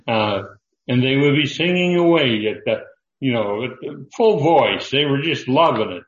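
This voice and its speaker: An older man preaching a sermon, speaking in a slow, halting way with frequent fillers and restarts. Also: mid-range voice, lively intonation, roomy sound, lo-fi sound. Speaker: pastor.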